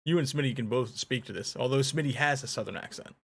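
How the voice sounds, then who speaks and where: A man's voice: medium pitch, fast, creaky, fairly bright tone, slightly rough. A man hosting a casual podcast, asking a guest questions and laughing easily along the way. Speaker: podcast host. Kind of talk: casual interview.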